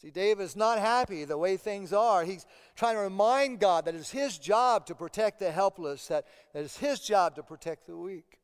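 Guy preaching a sermon, kinda high smooth voice, big echoey church hall. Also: lively intonation, moderate pace, hardly any pauses. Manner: earnest, repeats words when stressing a point. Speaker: pastor. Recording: long hall reverb.

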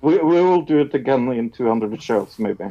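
A Norwegian man co-hosts a podcast in a Norwegian accent, chatting casually, bluntly, laughing often and swearing. His medium-pitched voice is warm, lively in intonation, and moderate in pace. The recording has a dull lo-fi sound.

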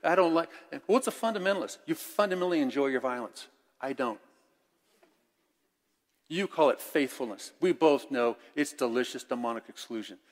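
An older man preaching a sermon as pastor, candid and conversational, swinging between loud and hushed. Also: mid-range voice, expressive, moderate pace. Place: church sanctuary. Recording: long church reverb.

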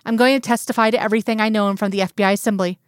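Smooth-voiced woman reading a story. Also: mid-range voice, steady tone, rapid-fire, no echo, studio quality. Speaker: reader. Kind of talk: fan fiction audiobook narration.

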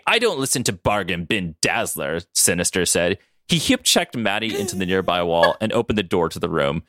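A man's voice: lowish voice, no room sound, clean studio sound. A man co-hosting a podcast, reading silly fan fiction aloud and laughing at it. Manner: animated, breaks into laughter. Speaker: podcast co-host.

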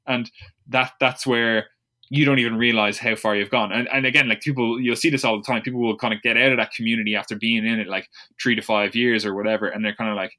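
A man's voice: medium pitch, fairly even intonation, quick pace, sharp tone. A man in casual podcast chat, rambling and swearing, slipping into sarcastic voices to mimic people.

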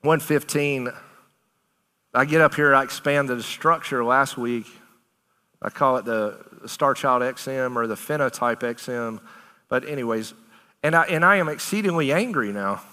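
Male preacher, bright and forceful, emphatic and conversational, long hall reverb. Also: mid-range voice, moderate pace. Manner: animated, emphatic, conversational preaching with Southern turns of phrase. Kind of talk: sermon.

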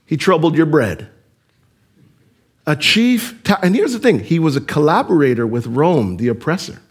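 A man preaching a sermon as pastor, animated and addressing the congregation with direct questions. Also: fairly high pitch, moderate pace, slightly rough.

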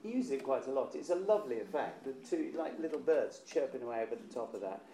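Choir director in an echoey room. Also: male voice, mid-range voice, animated, fast talker, dark tone. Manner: encouraging, demonstrates vowels by singing. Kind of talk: choir rehearsal coaching. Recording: roomy echo with faint instrument.

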